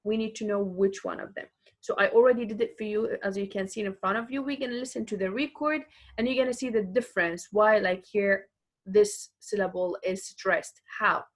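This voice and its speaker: Woman teacher, online English lesson, patient, repetitive, filler words, even mid-range voice. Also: medium pitch. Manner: patient, explains slowly, repeats examples, frequent fillers. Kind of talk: recorded online grammar lesson.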